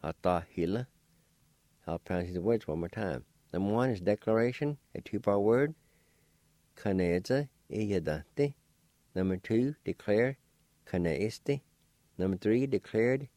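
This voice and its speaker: A man hosting a radio language lesson, spelling out words syllable by syllable in a slow, deliberate way. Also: fairly low pitch, warm tone, no echo. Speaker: language teacher and radio host.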